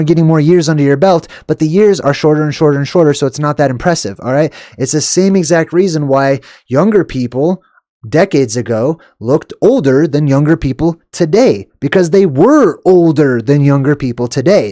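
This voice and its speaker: A man hosting an excited commentary on clips, emphatic and animated, with sharp upward jumps on stressed words and lots of "okay" and "all right". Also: a little high, no room sound, studio quality. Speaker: video host.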